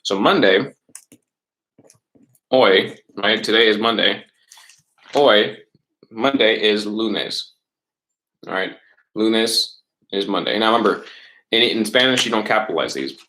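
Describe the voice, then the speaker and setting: Male teacher, lowish voice, patient webcam lesson delivery with frequent check-ins. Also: bright, forceful tone, poor audio. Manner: patient, repeats words slowly, fillers and checks like "right?". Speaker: middle school Spanish teacher. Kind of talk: recorded online class lesson.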